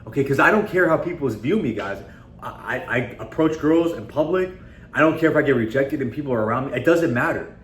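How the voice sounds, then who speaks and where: A man giving a casual motivational talk to his viewers, his voice sitting at an ordinary middle pitch. He speaks emphatically, and his voice carries in an echoey room with a faint hiss of noise behind him. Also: expressive, brisk. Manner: conversational and emphatic, repeatedly addressing viewers as guys. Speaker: self-improvement video host.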